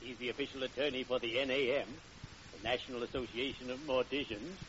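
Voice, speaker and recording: A man's voice: mid-range voice, steady tone, fast talker, close to an everyday voice. Oily undertaker, played by a man, formal and punning; vintage radio sound, muffled with hiss. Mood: unctuous. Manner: unctuous, punning, grandly formal. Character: oily cheerful undertaker, middle-aged man. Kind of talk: 1940s radio acting. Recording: dull hissy old radio broadcast.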